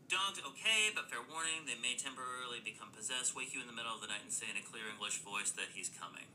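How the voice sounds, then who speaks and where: A man's voice: mid-range voice, sharp tone, slight background noise, rough recording. A man doing comedic video commentary, reading a listing aloud in a sarcastic, wry way. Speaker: social media creator.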